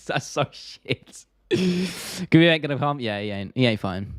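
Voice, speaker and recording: A man's voice: medium pitch, expressive, measured pace, dry recording. South London male streamer, mid-range voice, casual and blunt, dry close sound. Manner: chatty, blunt, swears freely, drops T's. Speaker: MMA stream host. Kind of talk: casual live-stream chat reading viewer comments.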